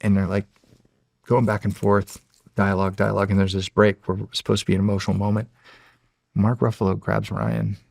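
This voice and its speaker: Middle-aged male interview guest, deepish and gravelly, lively storyteller who restarts his sentences a lot. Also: fairly quick, no room sound, clean studio sound. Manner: animated storyteller, acts out quotes, frequent restarts. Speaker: podcast guest, former Navy SEAL. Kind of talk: storytelling in a long-form interview.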